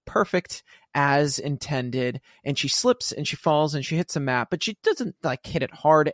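A male podcast host speaks into a close mic in a dry, dead room. He talks with enthusiasm and wanders through long, rambling stories at a mid-range pitch. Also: no echo. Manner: enthusiastic, rambling, with many fillers and restarts. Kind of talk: conversational interview.

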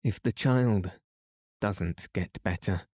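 Man voicing a stern older aunt, worried, storybook, slow, dark tone. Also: low-pitched, breathy edge, no room sound, clean studio sound, exaggerated voice.

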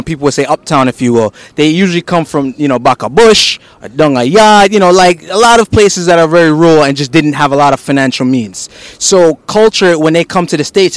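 A man's voice: on the high side, dry recording. A man hosting an interview, chatting loosely with many "you know"s and "if you will"s. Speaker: interview host. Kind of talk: casual interview talk.

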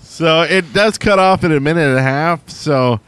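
A man's voice: on the high side, moderate pace, a bit bright, clear, resonant tone. A man hosting a podcast, chatting loosely and joking with occasional swearing. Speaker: podcast host. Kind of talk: casual podcast chat.

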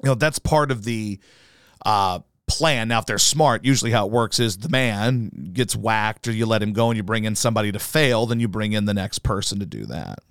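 Male podcaster, blunt and foul-mouthed, lively swinging pitch, smooth voice, dry close sound. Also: moderate pace, dry recording. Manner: profane, combative, rambling. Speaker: podcast host. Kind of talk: ranting solo podcast.

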